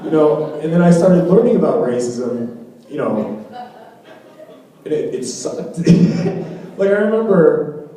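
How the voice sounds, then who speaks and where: Brief: young male stand-up comic, casual and profane, mellow tone, distant echoey club recording. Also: fairly high pitch, sing-song, slow, pauses often. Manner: rambling, profane, peppered with "you know". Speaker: stand-up comedian. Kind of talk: stand-up comedy set. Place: comedy club stage.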